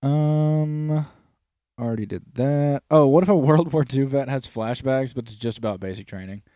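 A man's voice: mid-range voice, normal speed, dark tone, dry recording. A young man co-hosting a casual comedy podcast, joking in crude slang and calling people dude and dog. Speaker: podcast co-host.

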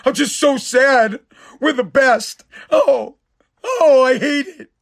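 A sulking, whining football player , as a man mocks him, in a high, sniveling voice. He whimpers and sobs in a put-upon way. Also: takes it slowly, creaky, fairly bright tone, full character voice. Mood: whiny. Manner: whining, sobbing mockery. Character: whiny sulking grown male football player.

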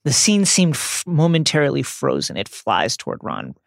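A man co-hosting a podcast, recapping a novel's chapters in an animated retelling with the odd swear word. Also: mid-range voice, normal speed, creaky, dry recording, clean studio sound. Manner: animated retelling, mixes profanity into plot summary. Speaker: podcast co-host.

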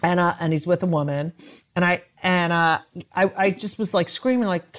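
A woman comedian in casual chat, ranting with heavy swearing and animated outbursts. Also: fairly low pitch, normal speed.

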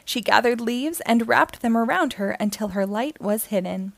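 Woman reading a kids' picture book, fairly high voice, a bit of fry, dry close sound. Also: moderate pace, no room sound. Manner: gentle, expressive storytelling. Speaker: children's story reader.

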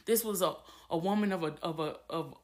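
A woman's voice: lowish voice, fairly quick. A young adult woman podcasting alone, talking candidly and emotionally with many restarts, a little teary. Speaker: podcast host. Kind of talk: personal monologue.

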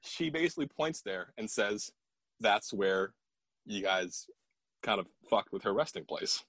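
A man with a low, slightly husky voice tells a paranormal story in a casual, animated way, swearing as he goes. He quotes the people in the story in his own voice. The recording is dry and close. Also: unhurried, no room sound. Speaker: paranormal investigator telling a story.

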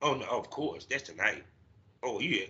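Lively swearing podcast guy, real bright voice, kinda muffled lo-fi audio. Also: medium pitch, normal speed, a little hiss or hum. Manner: animated, profane, acts out his own reactions. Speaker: podcast host. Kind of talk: casual chat.

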